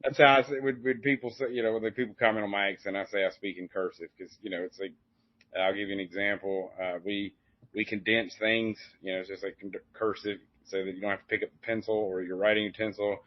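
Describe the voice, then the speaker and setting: A man's voice: fairly low pitch, steady tone, fast talker, dry recording. A man hosting a podcast, chatting in a rambling, folksy way full of fillers and restarts. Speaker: podcast host. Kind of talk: casual conversation. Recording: dull, dry lo-fi audio.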